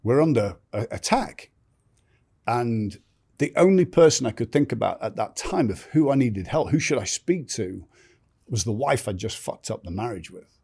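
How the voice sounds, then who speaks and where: A man's voice: medium pitch, lively intonation, normal speed, gravelly, a little mellow, slightly rough. An older man telling his life story candidly as a podcast guest, blunt and swearing freely, often restarting sentences.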